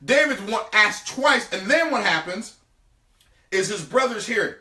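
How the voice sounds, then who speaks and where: A man preaching a sermon, retelling scripture in lively everyday speech. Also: high voice, measured pace, reverberant, recorded from a distance. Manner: animated, retells scripture in casual everyday talk. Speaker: preacher teaching on business and faith.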